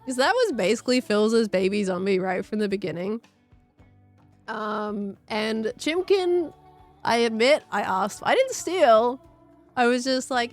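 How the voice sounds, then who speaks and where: A woman's voice: on the high side, lively intonation, unhurried, faint music behind. Chatty woman streamer with a strained voice. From Australia. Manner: chatty, rambling, thanks viewers between stories. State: strained, congested voice with coughing. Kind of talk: casual livestream chat.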